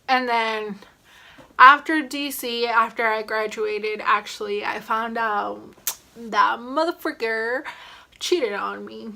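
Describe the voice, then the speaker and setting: A young woman telling a casual vlog story, animated and slangy, sometimes dropping to whispers. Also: on the high side, vocal fry. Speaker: vlogger.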